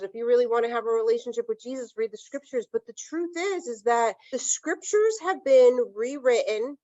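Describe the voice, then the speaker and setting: A woman's voice: on the high side, a little fast, hardly any pauses, mellow, dry recording, dull audio. A woman hosting a casual podcast, speaking reflectively in long thoughtful runs. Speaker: podcast host.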